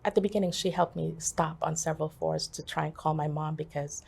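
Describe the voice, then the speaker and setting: A woman telling a personal story as an interview guest, halting and full of pauses and fillers. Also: deep voice, steady tone, vocal fry, a little mellow, husky. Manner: halting, with many fillers and restarts.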